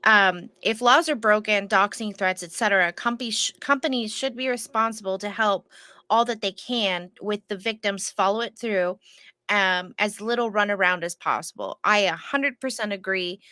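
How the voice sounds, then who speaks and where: A woman's voice: mid-range voice, moderate pace, pushed and bright, dry recording. A woman co-hosting a casual podcast, talking emphatically and indignantly. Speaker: podcast co-host.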